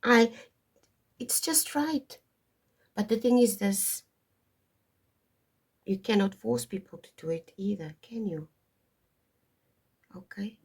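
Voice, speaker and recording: Slow, husky woman reading tarot. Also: medium pitch. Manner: digressive, emphatic, stops to stress points. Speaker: tarot reader. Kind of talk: casual spoken astrology reading.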